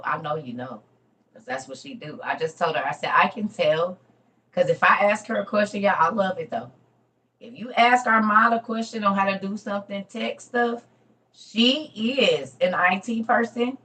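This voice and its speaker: Chatty woman livestream host, low-pitched. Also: normal speed. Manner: chatty, calls viewers "y'all", swings from loud to murmured asides. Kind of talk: casual livestream chat to viewers.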